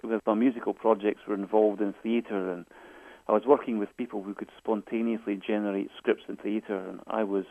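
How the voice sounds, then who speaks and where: Gravelly man on a tinny phone line. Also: fairly low pitch, little pitch movement, a little fast, no echo. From Scotland. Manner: hesitant, many restarts and repeated words. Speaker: guest author. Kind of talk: phone interview storytelling.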